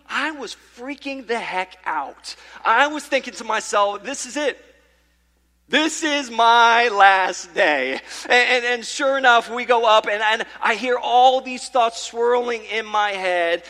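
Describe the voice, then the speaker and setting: A man preaching a sermon to his church, telling a story in an animated way with many fillers and restarts. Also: high voice. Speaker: pastor. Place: church sanctuary. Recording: reverberant church hall.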